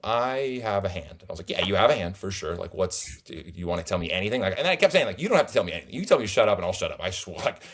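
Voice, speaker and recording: A young man recapping his card tournament games in casual, animated, rambling storytelling full of restarts. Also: low-pitched, rapid-fire, hardly any pauses. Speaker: tournament player guest.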